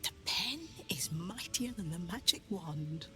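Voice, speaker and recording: An actress voicing a guarded female bookseller of dangerous books, in a slow, conspiratorial whispered role-play. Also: lowish voice, lively intonation, soft background music. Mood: hushed. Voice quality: hushed, unvoiced whisper.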